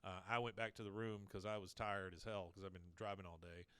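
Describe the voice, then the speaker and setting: A man's voice: low voice, brisk, clean tone, no echo. A man co-hosting a podcast, casually recapping a cartoon episode and acting out lines as he goes. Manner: animated storytelling, acts out lines. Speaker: podcast co-host.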